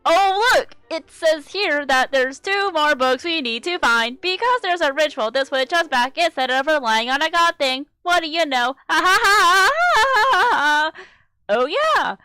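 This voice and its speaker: A woman voicing an excitable comic-strip boy who bursts into gleeful, maniacal laughter. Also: high-pitched, dry recording, voice pushed up, exaggerated voice.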